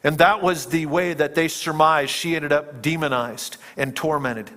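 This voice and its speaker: Male preacher, slightly high voice, dramatic sermon storytelling, long hall reverb. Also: steady tone, a little slow. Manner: dramatic storytelling, dropping to hushed tones and rising to emphatic peaks. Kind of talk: sermon retelling a film scene.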